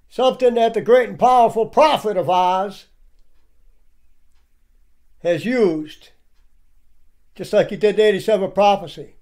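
A man's voice: very high voice, dark tone. A man giving emphatic preaching commentary on clips, calling out to his listeners again and again. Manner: emphatic, keeps addressing the audience as "people". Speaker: religious commentator.

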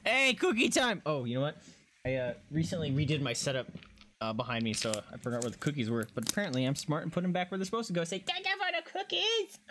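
A man streaming a video game in casual let's-play commentary, gushing and excitable, squealing and swearing as he plays. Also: mid-range voice, racing, slight background noise. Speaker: gaming streamer.

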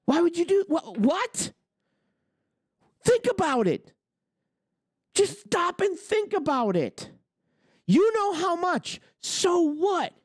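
A man's voice: very high voice, dry recording, clean studio sound. Argumentative man firing rhetorical questions. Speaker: trucking business show host. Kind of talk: livestream rant.

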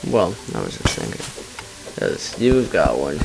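A man's voice: very deep voice, wildly swooping pitch, measured pace, vocal fry, music in the background, low-quality recording. A man chatting casually during a co-op video game session in a laid-back, dry way. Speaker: gamer playing with friends. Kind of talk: casual let's play chat.

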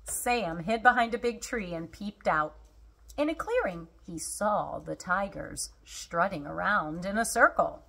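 A woman reading a children's storybook aloud in an expressive, unhurried way. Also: medium pitch.

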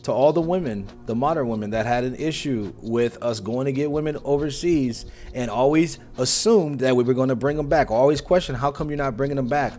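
A man gives reaction commentary in an emphatic, scolding way, full of sweeping judgments. His voice sits at a middle pitch, and faint music plays beneath him. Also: brisk, few pauses, warm tone. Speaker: reaction channel host.

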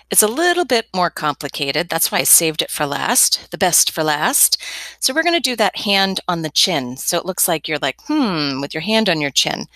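A woman's voice: lowish voice, bright, forceful tone, dry recording. A young woman teaching a step-by-step drawing lesson as an art teacher, chatty and encouraging with playful asides.

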